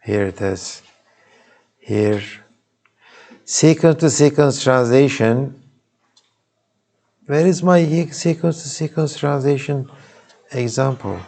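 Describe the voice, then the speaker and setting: Speaking slowly with long pauses, a man with a Turkish accent teaches a casual university class in a live lecture hall recording. His voice sits in the mid range and has a slightly mellow quality. The talk is informal, full of restarted sentences and asides directed at the students.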